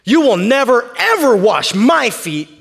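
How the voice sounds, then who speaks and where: A man putting on an excitable, impulsive disciple. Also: unhurried, gravelly, husky, heavily acted. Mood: emphatic protest. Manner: emphatic, pleading, high and loud.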